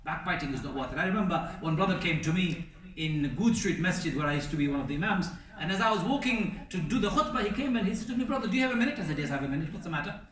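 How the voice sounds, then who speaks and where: A man delivers an earnest sermon, his somewhat high voice carrying through a roomy mosque hall. He stands back from the microphone and builds his points in emphatic lists. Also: animated, very fast, a bit bright, recorded from a distance. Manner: earnest, emphatic lists, sprinkled Arabic phrases. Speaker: preacher.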